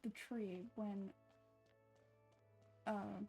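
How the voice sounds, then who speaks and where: A woman's voice: mid-range voice, fairly even intonation, drawn-out words, creaky, mellow, breathy edge, faint music behind. A young woman chatting casually over gameplay in a self-deprecating, giggly way. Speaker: voice acting hobbyist.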